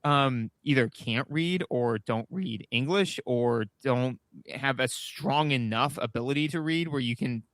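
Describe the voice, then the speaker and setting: A man in his thirties co-hosting a podcast, casually reviewing a retro game and agreeing often in a halting way. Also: medium pitch, a bit bright, dry recording, clean studio sound. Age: 30s. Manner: agreeable, halting, repeats "like" and "you know". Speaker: podcast co-host.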